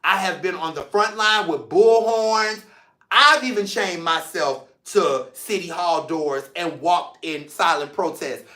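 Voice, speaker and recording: A man hosting a show, speaking to viewers in an emotional, expressive way with playful asides. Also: sits high, takes it slowly, reverberant. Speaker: host. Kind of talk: heartfelt personal talk to viewers.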